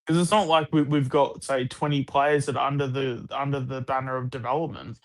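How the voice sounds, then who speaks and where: A man's voice: mid-range voice, steady tone, fairly quick. An Australian man chatting casually about sport on a live stream, rambling with lots of restarts and the odd swear word.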